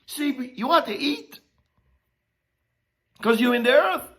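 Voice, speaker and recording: A woman preaching a sermon, teaching from scripture in a slow, emphatic way. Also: sits high, lively intonation, fairly bright tone. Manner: emphatic, rising and dropping sharply, slow deliberate preaching.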